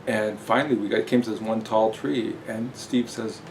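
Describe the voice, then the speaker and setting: Brief: man, lowish voice, casual self-mocking storyteller, air conditioner noise behind. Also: steady tone, moderate pace. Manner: rambling, self-mocking, many fillers.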